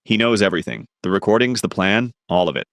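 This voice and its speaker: A man's voice: lowish voice, animated, fast, no room sound. A man voicing a brave young woman maid who speaks earnestly, in a storybook reading.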